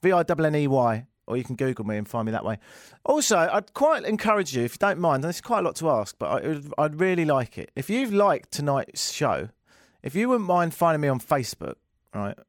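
A man's voice: on the high side, sing-song, brisk, no echo, studio quality. A man hosting a radio talk show, telling jokey stories and acting out the other people in them with a raised voice. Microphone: studio microphone.

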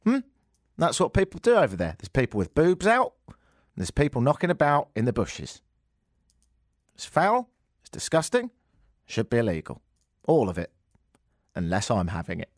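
Snarky guy riffing on a news story, loud bits then muttered asides, very dry sound. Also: mid-range voice, sing-song, brisk, dry recording. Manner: sarcastic, mocking, jumps between shouty and muttered asides. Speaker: comedy host reading news. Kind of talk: mocking comic news reading.

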